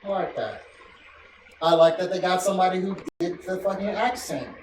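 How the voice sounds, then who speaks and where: A man hosting a casual podcast chat, talking excitedly and swearing freely, often acting out what others said. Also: high voice, moderate pace. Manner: profane, excitable, quotes people in voices. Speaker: podcast host. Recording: echoey room, distant mic, noisy.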